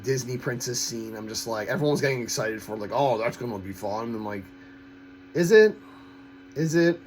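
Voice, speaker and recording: A man giving a casual, opinionated film review in a halting way, with frequent false starts and repeated words. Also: on the low side, slight background noise, low-quality recording. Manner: critical, blunt opinions. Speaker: host of a film-ranking channel.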